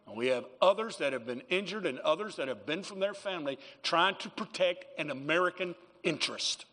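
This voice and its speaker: A man's voice: a little high, animated, fairly quick, pushed and bright, big-room sound. A man preaching a sermon as pastor in a church, emphatic, calling for amens from the congregation. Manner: emphatic preaching with call-and-response.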